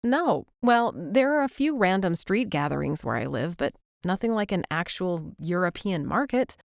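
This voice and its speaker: A woman's voice: on the low side, big pitch swings, moderate pace, vocal fry, no echo, studio quality. Woman narrator doing a teasing young American woman. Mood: chatty.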